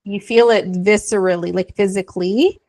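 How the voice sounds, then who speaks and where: A woman hosting a podcast conversation, speaking in a gentle, reflective and supportive way. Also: mid-range voice, steady tone, normal speed, dry recording. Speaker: podcast host. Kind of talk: casual conversation.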